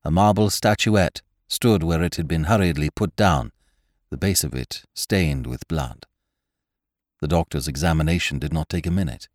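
Narrator: a man with a low voice and lively inflection, for a dry, close audiobook read. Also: normal speed, no room sound. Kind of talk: scripted story narration.

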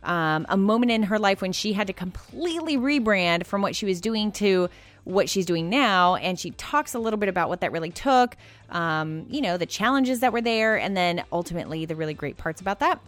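A woman's voice: medium pitch, animated, brisk, no echo. A woman hosting a podcast interview, bubbly and upbeat, laughing often and tripping over her words now and then. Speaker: podcast host.

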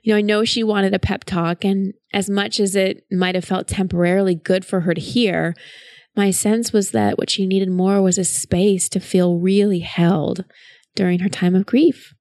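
A woman hosting a show and coaching a caller through grief in a soft, soothing, nurturing way. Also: medium pitch, steady tone, normal speed, no echo. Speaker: host giving advice to a caller. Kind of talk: gentle coaching on a call.

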